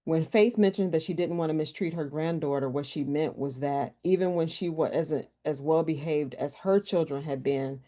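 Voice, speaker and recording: Woman researcher on a video call, low mellow voice, earnest and chatty. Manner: earnest, conversational, some restarts. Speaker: researcher presenting a workshop. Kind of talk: presentation and Q&A answers.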